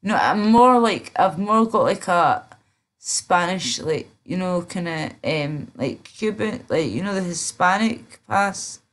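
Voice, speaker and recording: A woman's voice: fairly low pitch, lively intonation, takes it slowly, a bit bright. A woman livestreaming in casual chat, drowsy and rambling, with many fillers and trailing off. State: drowsy, slurred.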